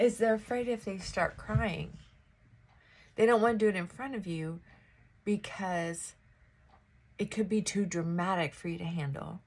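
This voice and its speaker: A woman vlogger chatting slowly and casually at home while she gets ready in the morning, stopping now and then to talk to her dog. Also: mid-range voice, darkish tone. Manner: slow, chatty, talks to her dog between thoughts.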